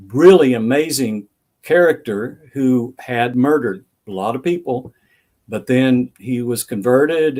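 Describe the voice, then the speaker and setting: A man's voice: mid-range voice, a little mellow. An older man, an author being interviewed, answering thoughtfully with anecdotes and acting out remembered dialogue. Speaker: author guest.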